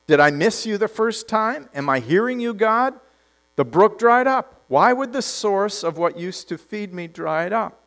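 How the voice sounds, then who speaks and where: A man's voice: high-pitched, expressive, unhurried, fairly bright tone, voice pushed up, heavily acted. A man playing a bewildered prophet. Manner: questioning, pleading, raised voice. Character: bewildered, questioning male prophet.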